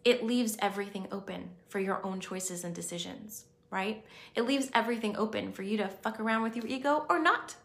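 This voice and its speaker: A woman's voice: medium pitch, brisk, gravelly, a bit bright. Earnest woman in an echoey room. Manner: earnest, reassuring, conversational. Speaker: spiritual self-help speaker. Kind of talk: spiritual self-help talk.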